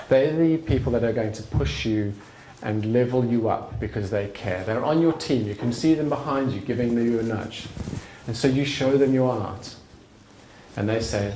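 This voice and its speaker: A man's voice: medium pitch, moderate pace, dark tone, slight background noise. Earnest man in a roomy venue. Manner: earnest and conversational, with restarts. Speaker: speaker. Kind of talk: live talk at an evening event. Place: function room at a bar. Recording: roomy live venue sound.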